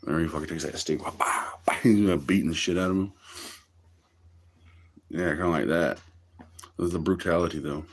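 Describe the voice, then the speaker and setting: A man's voice: low-pitched, steady tone, normal speed, long pauses. A man chatting casually on his livestream, rambling through stories with frequent swearing and laughter. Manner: profane, laughs often, drawling storytelling.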